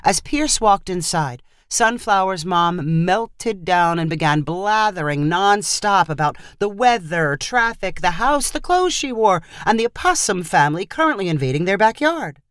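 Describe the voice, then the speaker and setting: A woman narrating a storybook in an expressive, animated reading style. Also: fairly low pitch, measured pace, hardly any pauses, smooth, no echo, clean studio sound.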